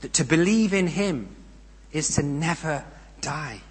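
A man preaching a sermon. He speaks in a measured, emphatic way, with pauses and rhetorical questions. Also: a little high, expressive. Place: church. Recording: long reverb of a church hall.

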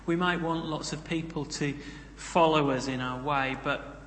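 A man's voice: fairly high pitch, fairly even intonation, unhurried, a bit bright, a little hiss or hum. A man preaching a sermon in a conversational way, with humorous asides. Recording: echoey hall, roomy reverb.

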